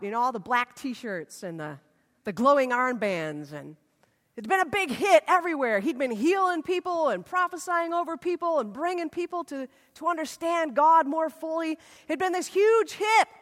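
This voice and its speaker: A woman preacher tells a scripture story in a casual, animated sermon. Her voice sits high. A long reverb trails her words around the worship hall. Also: normal speed.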